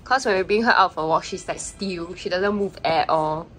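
A woman's voice: fairly low pitch, moderate pace, fairly bright tone, faint music behind, poor audio. A young woman, chatting casually in a vlog and explaining things with lots of "like" fillers. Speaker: vlogger.

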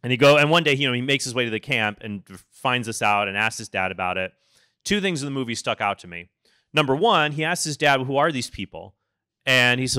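Bright, crisp-voiced man telling stories. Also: medium pitch, brisk, dry recording, studio quality. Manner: lively storytelling, acts out quoted voices. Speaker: conference speaker. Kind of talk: conference talk with stories.

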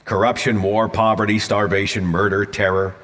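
This Oklahoma-accented guest speaker from Oklahoma, USA, has a fairly low, a bit bright voice with little pitch movement and a moderate pace. He delivers a live public talk emphatically and dramatically, repeating phrases for effect, and the lecture hall recording is reverberant.

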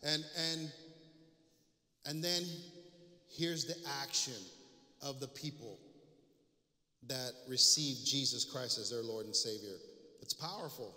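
A man's voice: mid-range voice, takes it slowly, long pauses, sharp tone. A man preaching a sermon as pastor, reading scripture aloud and then explaining it. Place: church sanctuary. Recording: echoey church hall.

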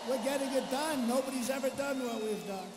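An older man speaking at a campaign rally in a high, strained register. He boasts, repeats short phrases, and drifts into off-the-cuff asides. His voice rings through a big echoing arena over a faint crowd murmur. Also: fairly quick, noisy background. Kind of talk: political rally speech.

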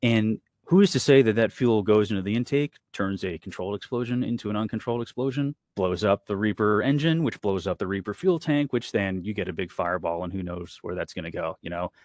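A former military pilot speaks in a low voice, fired up and exasperated, hammering his points home. The sound is dry and close, with no room around it. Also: expressive, a little fast, few pauses, darkish tone, dry recording. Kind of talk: animated panel discussion.

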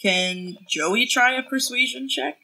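Giggly woman player at a tabletop game, bright voice. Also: on the high side, takes it slowly, vocal fry, rough recording. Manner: giggly, playful.

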